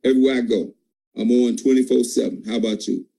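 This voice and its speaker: A man's voice: steady tone, fast talker, creaky, mellow, breathy edge, low-quality recording. A man giving an emphatic, preachy motivational pep talk to his sales team. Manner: emphatic, preachy, jumps in pitch. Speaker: team leader at a sales call.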